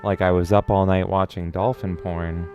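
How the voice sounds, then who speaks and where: A man streaming from home, chatting casually as he reads out viewer comments, excitable and swearing, often jumping into loud silly voices. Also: deep voice, moderate pace, music in the background.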